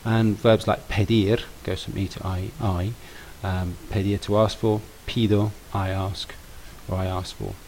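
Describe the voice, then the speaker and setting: Patient man teaching, gravelly low voice. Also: level tone, unhurried, few pauses, a little mellow, slight background noise, poor audio. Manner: patient, stresses sounds and repeats words. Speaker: language teacher. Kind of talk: explaining grammar to pupils.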